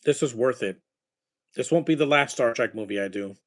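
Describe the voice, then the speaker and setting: Casual movie-night talk from a man who rambles excitedly about films and their scores as he watches and reacts. He speaks at a normal speed in a medium-pitched voice.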